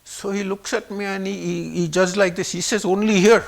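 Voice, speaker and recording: An older man in his seventies with a notably high voice and a gravelly edge to it. He tells personal stories in a lively way and slips into other voices for quoted speech. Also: normal speed. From Pakistan. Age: 70s. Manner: animated, acts out quoted speech with shifts in voice. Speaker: guest speaker. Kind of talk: personal storytelling.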